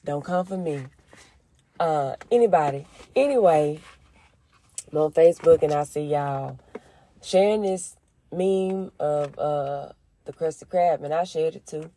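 A woman's voice: deep voice, unhurried, mellow. A woman chatting casually with her followers, slangy and rambling, full of asides. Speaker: vlogger and small business owner.

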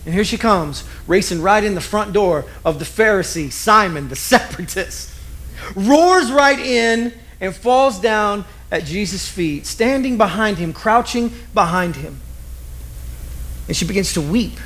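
High-voiced male preacher. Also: a little slow. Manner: lively storytelling, acts out quotes. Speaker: pastor. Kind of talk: sermon.

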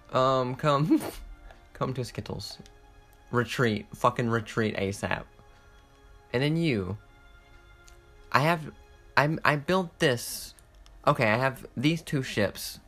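Young guy narrating his strategy game, excited, lots of cursing and laughing, faint music behind. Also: medium pitch. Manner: excitable, swears often, laughs and restarts a lot. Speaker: gaming content creator. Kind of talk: casual gameplay commentary.

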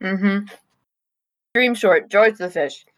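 A woman co-hosting a casual podcast review, offhand and a little halting, recorded remotely over a call. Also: medium pitch, no room sound, rough recording. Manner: offhand, talks while chewing, with frequent ums and restarts. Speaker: podcast co-host.

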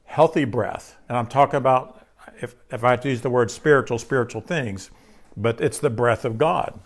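A man's voice: medium pitch, normal speed. A man preaching a sermon in a conversational way, asking his listeners questions and repeating key phrases. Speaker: pastor.

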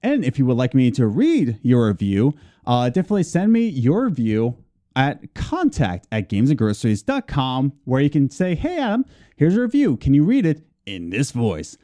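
A man's voice: medium pitch, wildly swooping pitch, moderate pace, warm tone. A man co-hosting a casual gaming podcast, reading plugs and news with playful, teasing asides. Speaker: podcast co-host.

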